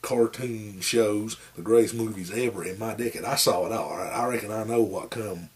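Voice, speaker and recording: A man's voice: lowish voice, moderate pace. A man, giving a rambling, folksy movie review with lots of fillers. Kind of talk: casual rambling monologue.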